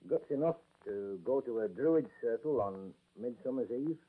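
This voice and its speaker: An actor doing a Yorkshire accent as a gruff, friendly army corporal in a 1940s radio drama, folksy and ominous. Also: male voice, medium pitch, animated, normal speed. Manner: folksy, ominous storytelling with "aye" and "lad". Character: gruff, friendly Yorkshire lance corporal, older drill master. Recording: tinny old radio broadcast recording.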